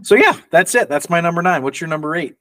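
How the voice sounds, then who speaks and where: A man co-hosting a casual chat podcast, joking and rambling with restarts and quick laughs. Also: on the high side, animated, sharp tone, dry recording. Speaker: podcast co-host.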